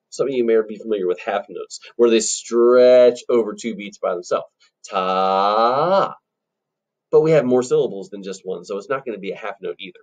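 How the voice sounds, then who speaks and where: A man teaches a children's rhythm lesson, chanting syllables and walking through the beats in an upbeat way. His voice is a little husky, and his pitch swings widely as he counts and claps along. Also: dark tone. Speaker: music teacher.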